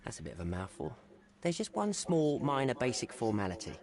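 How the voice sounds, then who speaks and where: An actor playing a harried police desk officer in a game, emphatic and indignant. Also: male voice, mid-range voice, big pitch swings, fairly quick, creaky, crowd noise.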